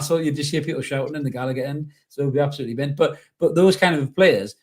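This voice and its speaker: A man's voice: fairly high pitch, quick pace. A man hosting a casual fan podcast, rambling and reading out viewer messages, with lots of "you know". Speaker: podcast host.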